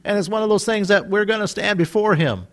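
A man preaching a sermon in a lively, animated way, acting out quoted voices and laughing often. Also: sits high, fairly quick. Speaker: pastor.

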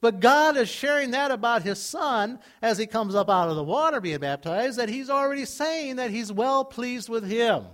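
Guy preaching a sermon, kinda high voice, chatty, gets loud then drops real quiet. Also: animated, normal speed, few pauses. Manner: conversational, dramatic swings between loud and quiet. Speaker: pastor.

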